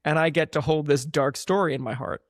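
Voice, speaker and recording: A man's voice: fairly high pitch, steady tone, fairly quick, no echo. A man in his thirties co-hosting a podcast, telling wry stories in casual chat and acting out bits in silly voices. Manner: wry storyteller, dry jokes, acts out bits in silly voices. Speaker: podcast co-host.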